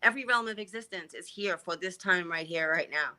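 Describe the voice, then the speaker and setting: A woman's voice: lowish voice, a little fast, pushed and bright. A woman who is a guest on a casual livestream, speaking earnestly and heartfelt about spiritual matters.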